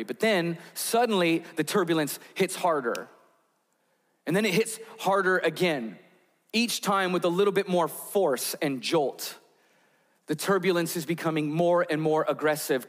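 A man's voice: a little high, long reverb tail. A man preaching a sermon, telling vivid stories that build tension. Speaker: pastor.

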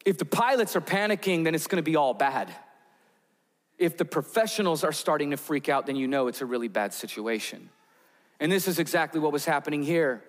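A man's voice: a little high, lively intonation, a little fast, long reverb tail. A man preaching a sermon, telling vivid stories that build tension. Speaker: pastor.

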